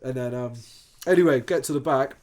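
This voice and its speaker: A man's voice: medium pitch, brisk. Sweary storytelling English man. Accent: Bristol English. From England. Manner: sweary, animated, acts out quoted voices. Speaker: DJ guest. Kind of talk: casual chat, storytelling anecdote.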